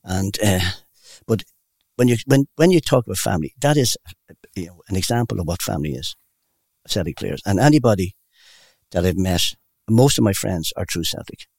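Brief: older male interviewee, fast and gravelly, dry close sound, anecdotal rambler. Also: low-pitched, expressive, dry recording. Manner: rambling, warm anecdotal storyteller. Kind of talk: casual storytelling.

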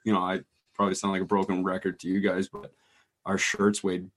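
A young man with a lowish voice talks easily among teammates. He rambles along, restarting sentences and padding them with "like" as he tells his stories in a loose, relaxed way. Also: brisk. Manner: rambling, laid-back storytelling with many "like"s and restarts. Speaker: hockey player, co-host. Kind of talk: casual group chat.

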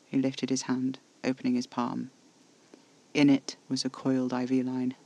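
A man narrating a first-person horror audio drama in a measured, intimate storytelling manner. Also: mid-range voice, completely flat delivery, darkish tone.

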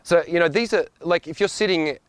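A man's voice: on the high side, a little fast, clean tone, dry recording. A man talking in a blunt, profane, rambling monologue with frequent asides. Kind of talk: casual monologue.

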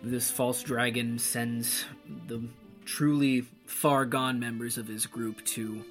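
A stern guard captain for a fantasy tabletop game, voiced by a man who weighs each word. He speaks formally and cautiously at a middling pitch, with soft music under the table talk. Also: level tone, slow. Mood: grave. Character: stern pragmatic male city guard captain.

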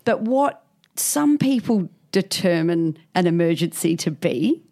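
A woman's voice: on the low side, expressive, a little slow, dark tone. A woman, a podcast co-host telling a story in casual chat. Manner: storytelling, giggly.

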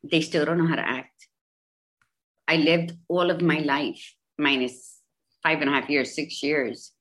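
Woman in her fifties, deep voice, candid interview guest, emphatic, repeats herself for weight. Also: measured pace. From Bridgeport, Connecticut, US. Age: 50s. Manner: emphatic, repetitive, animated storytelling.

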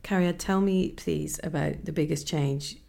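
Host: woman interviewer, lowish voice with vocal fry, soft and encouraging. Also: measured pace, over loud music. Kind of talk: gentle interview questions.

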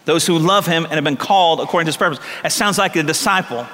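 A pastor preaching a sermon, telling stories and repeating lines for emphasis. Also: male voice, a little high, quick pace, few pauses, pushed and bright. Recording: long hall reverb.

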